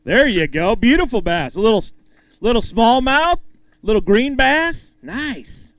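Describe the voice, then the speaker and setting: A man's voice: extremely high pitch, sing-song, unhurried, a bit bright, dry recording. A man announcing a fishing tournament weigh-in, calling up anglers, reading weights and joking with them on stage. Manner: upbeat, hypes each angler and jokes with them. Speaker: tournament emcee.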